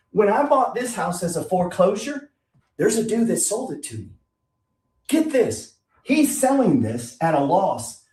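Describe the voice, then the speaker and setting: Middle-aged male investing coach, brash and swearing, fairly high lively voice, recorded in an echoey room. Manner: blunt, swearing, rhetorical questions. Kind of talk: profane motivational talk. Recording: echoey room, distant from mic.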